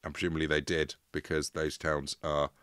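Deep-voiced man telling a story. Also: a little fast, smooth, dry recording, studio quality. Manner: playful, jokey, lively retelling. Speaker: podcast co-host and storyteller. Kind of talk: casual comedic storytelling chat.

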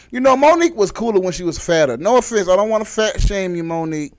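Animated man ranting, voice leaping high. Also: fast, hardly any pauses. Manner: exasperated, repeatedly yelling for someone to shut up. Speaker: comedy vlogger. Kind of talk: comedic rant.

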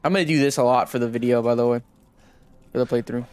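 A young man streaming a horror video game, reacting with excitable, profane trash-talk into a desk mic at home. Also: mid-range voice, fast talker. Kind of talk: let's play commentary.

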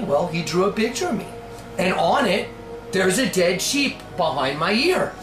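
A man telling a personal story in an animated way, acting out quotes and shouts. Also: high-pitched, moderate pace. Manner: animated, mimics voices and shouts. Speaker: speaker in a video. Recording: roomy with music underneath.

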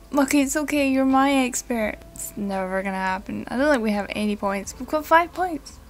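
A young woman giving casual, excitable commentary while playing a video game, giggling and swearing now and then. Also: high-pitched, moderate pace, slight background noise. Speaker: let's play gamer.

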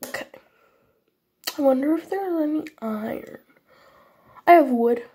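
A woman talks through her Minecraft session in a high, mellow voice, unhurried and chatty. Her voice is slightly husky and sniffly from a recent cold. She keeps apologizing to her viewers and speaks in a vague put-on foreign accent. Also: animated. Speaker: gaming channel host. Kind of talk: casual Minecraft gameplay commentary.

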